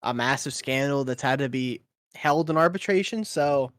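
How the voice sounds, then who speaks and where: A man casting an esports match, easygoing, laughing often and filling pauses with ums. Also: medium pitch, a bit bright, no room sound, studio quality. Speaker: esports caster. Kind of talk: play-by-play commentary.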